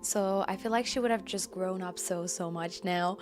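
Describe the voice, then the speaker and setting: A woman's voice: medium pitch, normal speed. A woman game streamer chatting live with her viewers, bubbly and effusive as she greets them. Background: background music.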